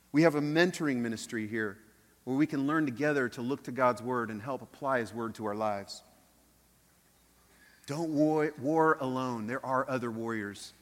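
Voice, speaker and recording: Guy preaching in a church, kinda high voice, big echoey hall, goes quiet then builds up. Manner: earnest preaching, dips soft then rises loud. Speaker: pastor. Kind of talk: sermon. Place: church sanctuary. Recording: long hall reverb.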